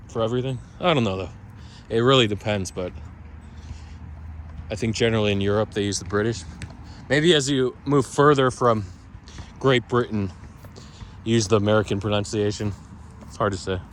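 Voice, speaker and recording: Rambling low-voiced man outdoors. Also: a little hiss or hum. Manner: digressive, loose, with frequent restarts and asides. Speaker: crypto vlogger. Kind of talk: casual rambling monologue.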